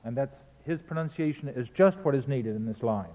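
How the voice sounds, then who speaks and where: A man's voice: medium pitch, brisk, long reverb tail, lo-fi sound. A man giving a spoken lecture in a precise, pedantic manner, often correcting himself mid-sentence. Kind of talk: spoken lecture on recordings and verse.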